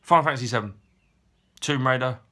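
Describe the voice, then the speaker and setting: A man in his thirties, answering viewer questions in a chatty, frank way with frequent pauses and ums. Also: mid-range voice, bright, forceful tone. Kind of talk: casual Q&A chat.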